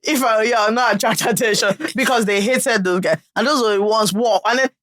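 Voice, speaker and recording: A woman with a Nigerian accent, co-hosting a podcast and telling stories in animated casual chat, with sudden exclaiming bursts. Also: fairly high pitch, fast talker, dry recording, clean studio sound. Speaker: podcast co-host.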